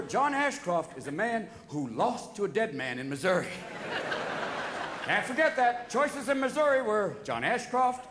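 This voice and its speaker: A man doing stand-up comedy on a theater stage, talking rapid-fire and breaking into voices and shouted bursts. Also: very high voice. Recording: live theater recording with audience noise. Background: audience laughter and applause.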